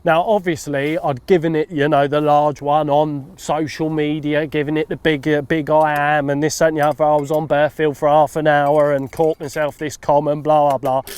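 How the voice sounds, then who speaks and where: A lively, animated man spins a funny story from the bank, acting out what people said. His voice sits a touch higher than most men's. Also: normal speed, hardly any pauses, clear, resonant tone. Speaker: carp fishing consultant. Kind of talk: telling a funny anecdote.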